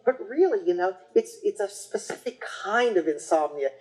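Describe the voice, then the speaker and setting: A lecturer talks through acupuncture practice in a loose, conversational way. The voice sits at a middle pitch and keeps breaking off to restart sentences, filling gaps with fillers. Now and then it briefly acts out what a patient or parent said. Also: expressive, normal speed, a little mellow, rough recording. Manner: chatty, rambling with frequent restarts and fillers. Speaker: acupuncture teacher. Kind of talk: casual lecture.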